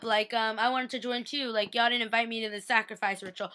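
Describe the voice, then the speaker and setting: A woman vlogger chatting casually through a TV episode recap, animated and full of fillers. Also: a little high, fast talker, few pauses, clear, resonant tone.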